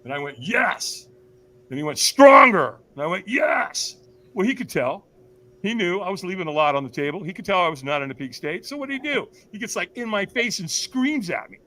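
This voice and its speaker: Guy telling a big personal story on a podcast, voice bouncing all over, bright and punchy, acts out the other people in it. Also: lively intonation, quick pace. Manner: acts out voices of others with big pitch jumps, laughs often; addresses listeners as "you guys", asks rhetorical questions. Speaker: podcast guest, firewalk instructor. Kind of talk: animated storytelling.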